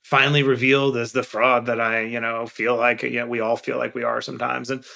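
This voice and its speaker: Middle-aged New man, podcast guest, candid and earnest, gravelly voice with a bright, forceful edge. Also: mid-range voice, level tone, brisk. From Queens, New York. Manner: candid, earnest storyteller who stresses key points. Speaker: guest investor. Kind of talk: podcast interview storytelling.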